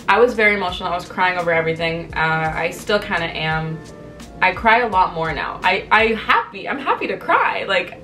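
A woman in her twenties talking to camera in a casual, candid way, storytelling and acting out quoted lines with lively energy. She sits a bit back from the microphone. Soft music plays faintly underneath. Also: medium pitch, far from the mic. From Canada. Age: 20s. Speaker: vlogger.

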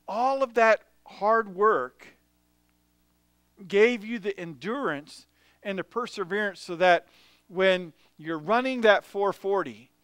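A man preaching a church sermon, telling animated personal stories and chuckling between anecdotes. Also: high-pitched, clean tone, no room sound. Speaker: pastor. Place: church sanctuary.

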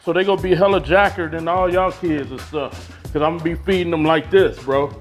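A man hosting a fitness vlog, talking loud, hyped and slangy with a boastful edge. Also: fairly high pitch, fairly even intonation, brisk, soft background music. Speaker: fitness vlogger. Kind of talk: casual vlog.

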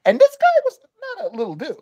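Animated, foul-mouthed woman telling a story. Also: a little high, fast, lo-fi sound. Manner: animated, profane, acts out voices in her story. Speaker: podcast host. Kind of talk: casual storytelling chat.

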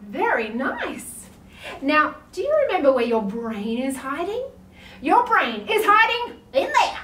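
A woman's voice: sits high, sing-song, unhurried, fairly bright tone. Sing-song Australian woman leading kids' yoga. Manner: sing-song, playful, exaggerated gasps. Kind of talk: online yoga class for toddlers. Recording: roomy, distant mic with faint ambience.

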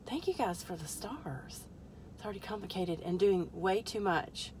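A woman chats loosely to her viewers on a live stream from a parked car, her pitch sitting in an ordinary middle range. She wanders off into jokey tangents and drops into half-whispered muttering while she works something into place. A faint hum stays underneath. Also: expressive, moderate pace, darkish tone. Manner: rambling, joking asides to viewers. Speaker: host of a product testing live stream. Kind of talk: casual live-stream chat. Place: parked car in a store parking lot.

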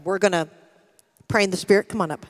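A middle-aged American woman pastor preaching, telling a personal story with lively acted-out quotes. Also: medium pitch, quick pace. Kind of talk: sermon with storytelling. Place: church sanctuary. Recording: long hall reverb from a church.

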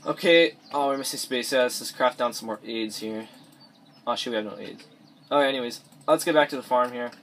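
A man's voice: medium pitch, brisk, fairly bright tone, slight background noise. A teenage boy rambling through let's play commentary, restarting his sentences often while he plays. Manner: rambling, many restarts, mumbles asides. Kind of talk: gameplay commentary. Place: bedroom at home. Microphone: cheap mic or device mic.

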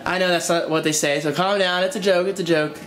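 A man's voice: high-pitched, fairly even intonation, quick pace, a bit bright. A young man chatting casually in a home vlog, joking around and talking to his dogs as he moves from room to room. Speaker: vlogger. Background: music playing from his phone.

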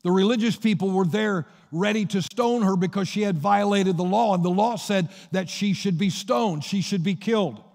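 Male pastor, high gravelly voice, storytelling sermon, long church-hall reverb. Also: normal speed, hardly any pauses, darkish tone. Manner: storytelling preacher retelling Bible scenes. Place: church sanctuary.

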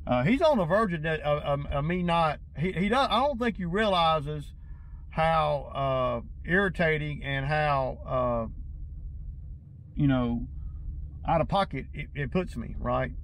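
Lawn-care boss, higher-pitched man's voice, venting to camera in a rambling, agitated way, with faint outdoor noise behind him. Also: lively intonation, unhurried, fairly bright tone, low-quality recording. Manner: agitated, rambling, stumbles and repeats himself. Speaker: lawn care business owner. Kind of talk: casual vlog rant to viewers.

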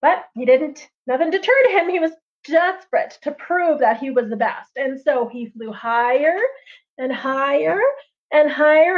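A woman storyteller telling a traditional tale on a livestream in a lively, chatty way, with casual asides. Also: high voice. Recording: dull lo-fi livestream audio.

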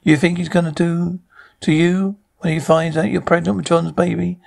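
A man's voice: a little high, little pitch movement, normal speed, gravelly, darkish tone. A man doing an ominous servant woman. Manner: ominous, coaxing.

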